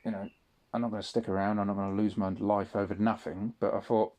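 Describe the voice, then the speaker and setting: This audio diarist speaks fast in a lowish, darkish voice that barely moves in pitch. His casual monologue wanders, is full of profanity, and keeps breaking off into restarts.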